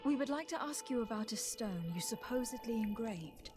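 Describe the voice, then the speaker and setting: An actress voicing a composed noble envoy in a video game, asking questions politely and in measured tones. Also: female voice, fairly high pitch, lively intonation, close to an everyday voice. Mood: calm. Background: game music.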